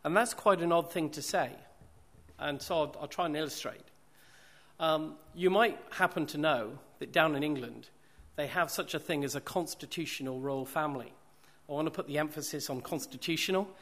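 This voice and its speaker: A man preaches a sermon in a fairly high, fairly bright voice at a moderate pace. He repeats phrases for emphasis and poses rhetorical questions to the congregation.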